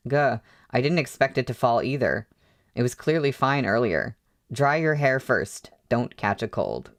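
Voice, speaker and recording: A man's voice: mid-range voice, lively intonation, measured pace, dry recording, clean studio sound. Male reader doing a nervous, apologetic younger sister; plain read, mid-range voice. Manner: apologetic, pleading. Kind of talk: audiobook reading.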